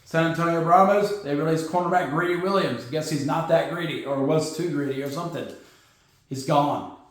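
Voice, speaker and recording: A man hosting a sports podcast, talking casually in an animated, sarcastic, joking way. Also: on the high side, normal speed. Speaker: podcast host. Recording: very echoey room.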